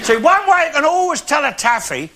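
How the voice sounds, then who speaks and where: A man's voice: very high-pitched, sing-song, fairly quick, bright, forceful tone, some chatter behind, heavily acted. An actor playing a bigoted, grumpy old working-class London man, swearing and blustering through a comic monologue for a live audience. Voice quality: blustering, swears a lot, cockney speech. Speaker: comic character in a live stage show. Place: theatre stage before an audience. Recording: noisy live TV show with audience laughter.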